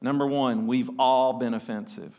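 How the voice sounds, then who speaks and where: A man pastor preaching a sermon, lively and laughing often as he mimics voices. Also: mid-range voice, moderate pace. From South Arkansas. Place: church sanctuary. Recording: long reverb of a church hall.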